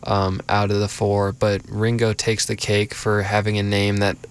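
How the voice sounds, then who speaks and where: A young man with a fairly low voice hosts a college radio show. He talks in an easygoing, rambling way, full of ums and likes, as he introduces the next song. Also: monotone, moderate pace, smooth. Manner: easygoing, rambling, filler-heavy. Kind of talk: casual radio chat.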